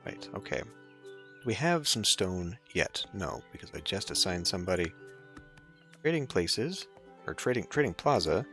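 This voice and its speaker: A man narrates his gameplay in a relaxed, chatty way, thinking aloud with lively swings in pitch. Soft game music hums faintly behind him. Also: measured pace. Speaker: let's play host. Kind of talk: casual gameplay commentary.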